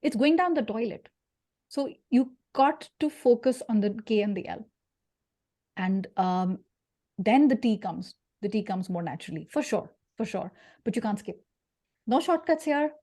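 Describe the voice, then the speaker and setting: A woman's voice: a little high, normal speed. Punchy woman leading a career workshop. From India. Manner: lively, punchy, jokey, quizzes the audience. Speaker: career speaker. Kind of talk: interactive workshop talk.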